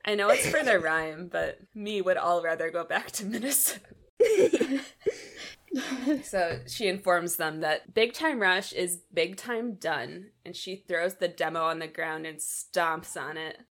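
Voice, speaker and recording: Bright-voiced woman recapping with laughs. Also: fairly low pitch, measured pace. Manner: animated, laughs often, acts out quotes. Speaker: podcast co-host. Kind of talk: casual chat recapping a TV episode.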